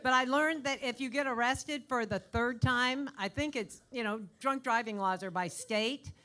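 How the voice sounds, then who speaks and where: A woman in her sixties, a comedian guest, trading deadpan, dry jokes in live banter on a comedy club stage. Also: on the high side, normal speed. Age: 60s.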